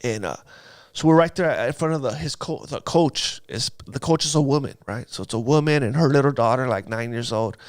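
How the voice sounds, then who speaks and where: A man's voice: medium pitch, fairly quick, no room sound, clean studio sound. A man telling his life story in a casual interview, using street slang and acting out sounds.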